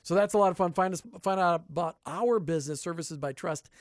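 Fast-talking male radio host. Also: fairly high pitch, no room sound, studio quality. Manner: quick, rambling, joking. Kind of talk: casual radio chat. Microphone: studio microphone.

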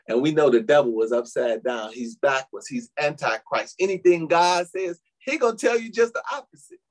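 A man's voice: fairly high pitch, lively intonation, normal speed. A male pastor preaching a sermon, calling out to the congregation with frequent amens, hallelujahs and little laughs. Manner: preaching with frequent "amen" and laughs, addressing "saints".

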